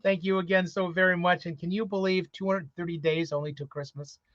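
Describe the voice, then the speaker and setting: Cheerful man with a slightly high voice, lo-fi. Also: steady tone, a little fast, a bit bright, no room sound. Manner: earnest, cheerful, repeats himself. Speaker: co-host, Santa performer. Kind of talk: casual advice talk. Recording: dull, dry lo-fi audio.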